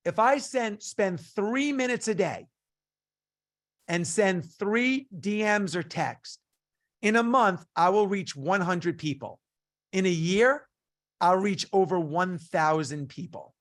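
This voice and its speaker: A middle-aged man coaching a business group online, telling stories in a punchy, animated way and acting out the dialogue. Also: high-pitched, slow.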